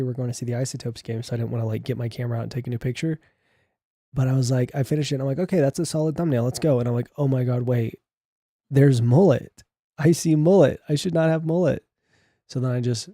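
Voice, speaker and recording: Casual young man livestreaming, dark tone. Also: medium pitch, no echo, clean studio sound. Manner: chatty, joking, reads chat aloud. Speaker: livestream host.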